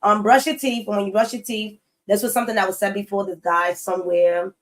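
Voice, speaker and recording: A woman's voice: medium pitch, fairly even intonation, fairly quick, rough recording. A woman doing a casual tarot reading for her viewers in a loose, chatty way. She talks bluntly, cusses freely and hammers her points home by repeating them. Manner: blunt, swears freely, emphatic repetition. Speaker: tarot reader.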